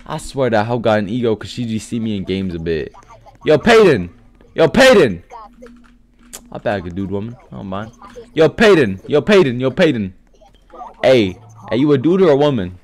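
A man hosting a gaming video who plays a boastful rich penguin in voice chat, talking in a brash, mocking, trash-talking way with loud bursts. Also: medium pitch, sing-song, normal speed, long pauses. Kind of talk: in-game voice chat role-play.

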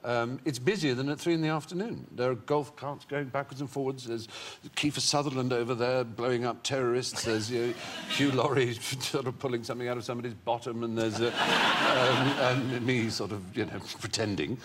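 A man's voice: mid-range voice, fairly even intonation, brisk, few pauses, background noise. A male talk show guest telling long, witty anecdotes full of playful asides. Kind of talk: anecdotal chat show storytelling. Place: TV studio with a live audience.

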